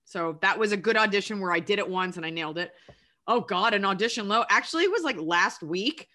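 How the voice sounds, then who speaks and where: Bright-voiced rambling actress. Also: female voice, medium pitch, lively intonation, a little fast. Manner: rambling, self-deprecating, full of "like". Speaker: actress guest. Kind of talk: casual interview chat.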